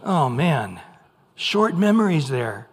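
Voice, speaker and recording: An older man with an American accent, a pastor preaching a sermon in an animated way, acting out voices now and then. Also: a little high, slow pace, husky. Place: church sanctuary. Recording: long hall reverb.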